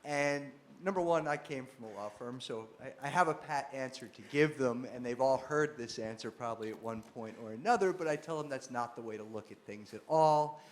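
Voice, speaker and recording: A man moderating a law event, asking a speaker a question in a measured, conversational way. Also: mid-range voice.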